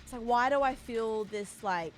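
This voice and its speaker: A woman's voice: a little high, normal speed. A young woman streaming from home, chatting casually and rambling as she greets her chat by name.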